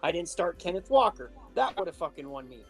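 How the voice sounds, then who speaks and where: A man's voice: on the high side, brisk, gravelly, soft background music. A man co-hosting a casual podcast chat, telling a story with lots of swearing. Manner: animated storytelling, heavy swearing. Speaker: podcast co-host.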